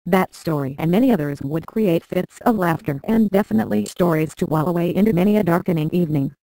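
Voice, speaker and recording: A computer-generated woman's voice reading a memoir aloud in a flat, synthetic way with odd word stresses. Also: on the low side, fast, no room sound, rough recording. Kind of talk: text-to-speech narration of a memoir.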